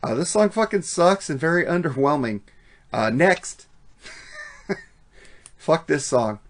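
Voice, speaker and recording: A man's voice: on the high side, very animated, takes it slowly. A man co-hosting a casual album review podcast, blunt and profane, laughing often. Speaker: podcast co-host.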